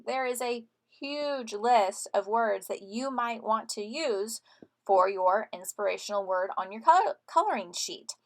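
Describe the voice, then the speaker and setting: Woman teacher, slightly high voice, friendly step-by-step tutorial narration for students. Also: animated, a little slow. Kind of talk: screen-recorded software tutorial.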